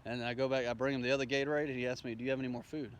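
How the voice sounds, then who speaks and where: A man's voice: medium pitch, steady tone, rapid-fire. A man telling a rambling, profane story in a casual way, acting out the dialogue as he goes. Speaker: storyteller recounting his day.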